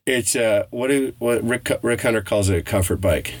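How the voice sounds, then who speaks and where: A man's voice: medium pitch, moderate pace, a little hiss or hum. A middle-aged man co-hosting a podcast in casual chat, blunt and profane, laughing often. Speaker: podcast co-host.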